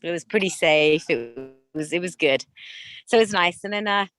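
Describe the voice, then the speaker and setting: A woman's voice: lowish voice, normal speed, fairly bright tone, dry recording. A woman chatting as a guest on a video call, out of breath as she walks uphill outdoors, talking in a chatty, rambling way. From California. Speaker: guest dentist and coach. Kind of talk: casual chat. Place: outdoors on a hill. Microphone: phone at arm's length on video call.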